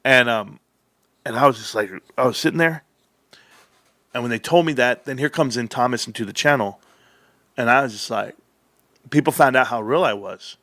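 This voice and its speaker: Livestream guy rambling on, animated and swearing a lot, punchy forceful voice, dry close sound. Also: mid-range voice, moderate pace, long pauses, dry recording. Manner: animated, profane, with many restarts and asides. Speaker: livestream host.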